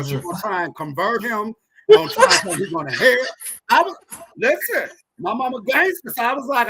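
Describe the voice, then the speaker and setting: A man in his thirties, a podcast guest, telling a personal story in an animated, emphatic way. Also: sits high, poor audio. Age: 30s.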